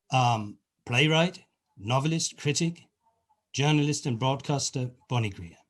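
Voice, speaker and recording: Man giving a formal introduction. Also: fairly high pitch. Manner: formal, measured. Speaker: host. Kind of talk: scripted introduction.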